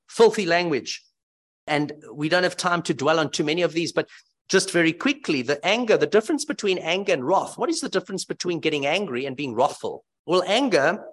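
Animated male preacher with lively pitch. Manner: animated, emphatic, rhetorical questions. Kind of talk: expository sermon.

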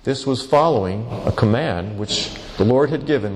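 Male pastor, mid-pitched, teaching sermon with acted-out examples; long hall reverb. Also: lively intonation, moderate pace, a little mellow. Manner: teaching verse by verse, with acted-out everyday dialogue.

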